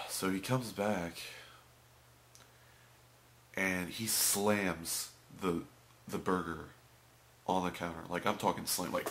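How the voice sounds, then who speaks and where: A young man tells stories in a casual vlog, swinging between loud outbursts and muttered asides. His voice is notably deep and low. A faint hiss sits under the recording. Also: fairly even intonation, slow pace, pauses often. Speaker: vlogger.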